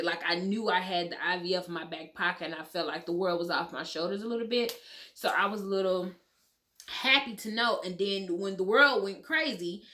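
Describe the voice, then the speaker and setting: Woman telling a storytime vlog at home, kinda low voice, super animated, talks right to y'all. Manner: animated, talks straight to viewers, swears casually. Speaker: vlogger telling her story. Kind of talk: casual storytelling.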